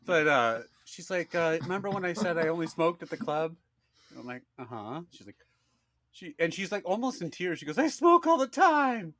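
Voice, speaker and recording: A man's voice: fairly high pitch, animated, a little fast, a bit bright, no echo. A man in his thirties co-hosting a podcast, telling a story in a rambling casual way, full of fillers and acted-out quotes. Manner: rambling, many "like"s, acts out quotes. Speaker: podcast co-host.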